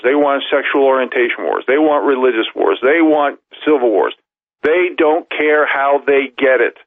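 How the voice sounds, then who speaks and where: A man's voice: medium pitch, no room sound. A man giving emphatic talk radio news commentary, reading articles aloud and stacking up long lists of points. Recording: tinny phone-line audio, dry.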